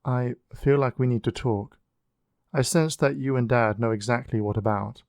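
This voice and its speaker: In a lightly acted role, a man plays an earnest young man calling his mother. His medium-pitched voice is steady and a little mellow at a moderate pace, recorded dry with clean studio sound.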